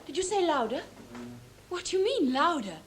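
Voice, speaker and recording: Stage drama, a fiery, indignant young woman, high voice, faint hiss behind. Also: big pitch swings, normal speed. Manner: passionate, indignant, urgent. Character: fiery young stepdaughter, proud and vengeful.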